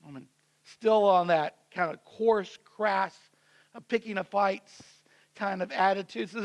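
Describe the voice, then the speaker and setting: High-voiced male pastor telling a story. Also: unhurried. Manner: conversational storytelling, acting out the characters' voices. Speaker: senior pastor. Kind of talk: sermon. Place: church.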